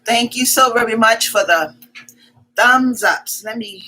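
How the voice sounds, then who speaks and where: Woman livestream host, somewhat high and very bright voice, chatty, repeats her hellos and welcomes. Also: slightly rough, poor audio. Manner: chatty, repeats greetings and welcomes in quick strings; greets viewers by name as their comments arrive. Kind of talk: casual live-stream chat.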